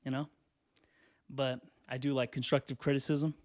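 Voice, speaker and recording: A man hosting a solo podcast from a hot bedroom, rambling casually with lots of swearing and filler, a little out of breath and clearing his throat. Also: medium pitch, flat delivery, normal speed, darkish tone. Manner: rambling, profane, lots of "you know". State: out of breath and sweaty, standing. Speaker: podcast host.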